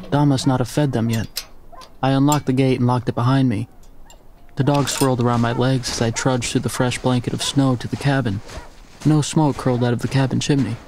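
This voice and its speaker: A man giving measured, quiet first-person narration of a scripted audiobook story. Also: mid-range voice, creaky, slight background noise.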